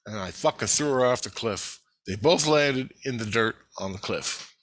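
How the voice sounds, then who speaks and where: Man, profane, rambling storyteller; bright, tense voice, dry recording. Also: medium pitch, lively intonation, moderate pace, no room sound. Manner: heavy swearing, rambling storytelling. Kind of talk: casual monologue video.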